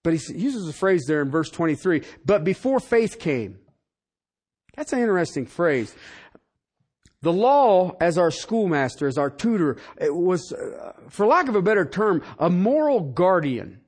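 A man preaching as a pastor, folksy and colloquial, firing off rhetorical questions and swinging between loud peaks and hushed asides. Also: high-pitched, very animated, unhurried, slightly rough. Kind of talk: sermon.

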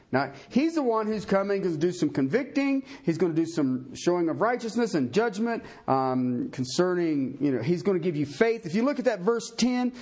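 A male pastor delivers a sermon, reading scripture aloud. He moves back and forth between loud, rising emphasis and low, quiet, folksy asides.

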